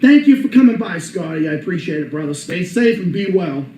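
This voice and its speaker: A man's voice: high voice, expressive, brisk, a little mellow, a little hiss or hum. A man hosting a livestream from his apartment, ranting heatedly and swearing freely. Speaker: channel host. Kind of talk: livestream rant. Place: apartment room. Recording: echoey room.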